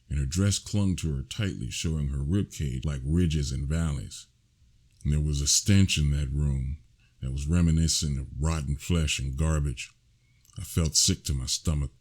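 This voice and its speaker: A man narrating his own first-person horror story, slow and hushed, with sudden shouted lines. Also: a bass voice.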